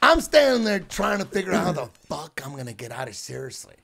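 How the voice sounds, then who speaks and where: Man, high voice, gravelly, animated storyteller, loud then hushed. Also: fairly quick, crowd noise. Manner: animated, swings between loud outbursts and hushed asides. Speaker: guest. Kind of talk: casual storytelling.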